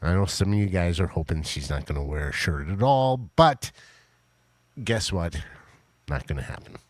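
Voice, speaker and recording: A man hosting a casual live stream from his home fish room, rambling to his chat with fillers and restarts in a flat, monotone voice. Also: low-pitched, normal speed, no room sound.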